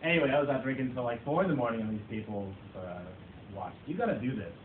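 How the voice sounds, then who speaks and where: A man's voice: mid-range voice, expressive, fast. Man telling self-mocking stories to an audience. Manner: self-mocking storyteller, playful. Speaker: club speaker. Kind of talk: humorous speech to an audience. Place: meeting room with an audience. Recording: tinny echoey far-off recording, noisy.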